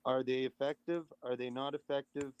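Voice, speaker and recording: A man's voice: mid-range voice, fairly even intonation, clear, resonant tone, dull audio. A man arguing his side in an online debate, asking pointed questions and restarting his phrases. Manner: argumentative, questioning, halting restarts. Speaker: debate participant. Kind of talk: casual debate talk.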